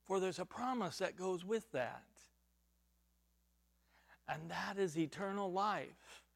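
High-voiced man preaching slowly. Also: gravelly. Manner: emphatic, swings from loud exhortation to hushed near-whisper; repeats and restarts words while reaching for a point. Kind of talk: expository sermon.

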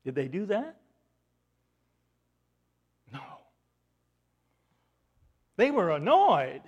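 A male preacher with a high voice that leaps up and down as he retells a story. He fires rhetorical questions at the congregation and swings from loud emphasis to hushed asides. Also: wildly swooping pitch, extremely slow, long pauses, breathy edge. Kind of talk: sermon.

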